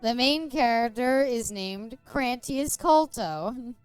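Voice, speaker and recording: Soft music plays behind a woman streamer reading an in-game book aloud while chatting casually. She's giggly, joking and laughing often, with a fairly high, expressive voice and a slow pace.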